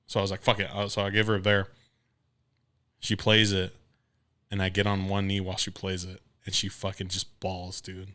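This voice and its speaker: A man's voice: low voice, moderate pace. A man in his late twenties, co-hosting a casual podcast chat, telling a story full of swearing and acting out the voices of other people. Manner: profane animated storyteller, acts out others' voices. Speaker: podcast co-host.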